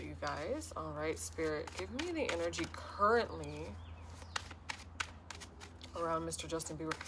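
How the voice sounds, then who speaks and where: Earnest low-voiced woman tarot reader. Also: background noise. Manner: earnest, heartfelt, rambling. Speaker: tarot reader and self-described healer. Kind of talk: casual spiritual tarot reading to camera.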